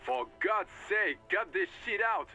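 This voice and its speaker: A man's voice: high voice, measured pace, bright, forceful tone, highs cut off, soft background music, full character voice. An actor playing an irritable male police superior who swears and speaks curtly, heard over a radio. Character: impatient gruff male police lieutenant on radio.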